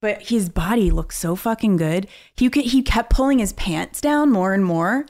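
A woman co-hosting a chatty podcast, gossiping with quick excitement and frequent laughter. Her voice sits at an ordinary middle pitch, loose and conversational. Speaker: podcast co-host. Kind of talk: casual chat.

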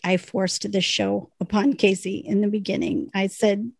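A woman co-hosting a podcast, reading listener messages in casual chat, emotional and quick to laugh. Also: medium pitch, level tone, creaky, husky, dry recording. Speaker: podcast co-host.

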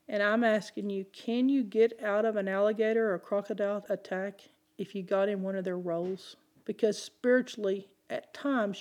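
Animated woman preaching a sermon. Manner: animated, rising in pitch and volume when stressing points; rhetorical questions to the congregation.

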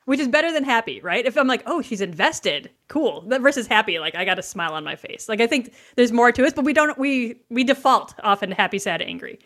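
A woman's voice: fairly high pitch, lively intonation, fast talker, few pauses, fairly bright tone. A woman guest on a podcast, explaining leadership ideas in casual conversation and asking rhetorical questions.

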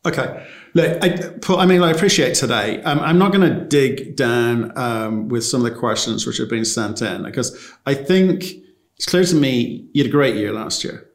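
A man's voice: mid-range voice, moderate pace, roomy sound. A man interviewing a company executive in a dry, understated way. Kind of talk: investor interview.

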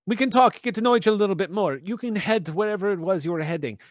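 Man playing a smooth-talking shady opportunist. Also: high voice, rapid-fire, no room sound, clean studio sound, voice pushed up, close to an everyday voice. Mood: scheming. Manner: persuasive, wheedling.

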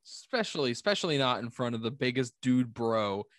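A man's voice: mid-range voice, expressive, fairly quick, heavy background noise. A man co-hosting a podcast, chatting casually about a book with joking asides. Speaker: podcast co-host.

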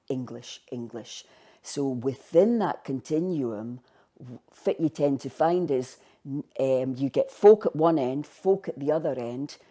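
A woman's voice: a bass voice, dark tone. A woman with a North East Scots accent, a lecturer speaking in an interview and sliding between standard and broad Scots. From North East Scotland. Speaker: linguistics lecturer. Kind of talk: interview talk.

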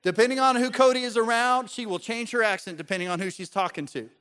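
A man preaching a sermon as pastor, animated and joking, putting on voices to make his points. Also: very high voice, fast, clean tone. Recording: long hall reverb.

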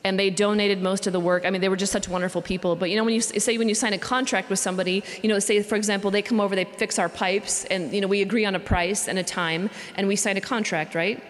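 A religious sister giving a conversational retreat talk, repeating phrases for emphasis. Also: female voice, mid-range voice, fairly even intonation, fast talker, few pauses. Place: cathedral. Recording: long cathedral reverb.

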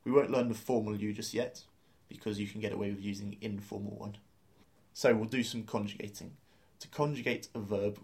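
A man's voice: on the low side, a little mellow. A man teaching a beginner language lesson, explaining grammar step by step and spelling out words letter by letter.

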